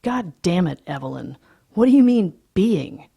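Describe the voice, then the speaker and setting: A cold, irritable young yuppie man, read by a woman, muttered low and half-whispered in a gravelly, husky voice. Dark and slow, like a storybook reading. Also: full character voice.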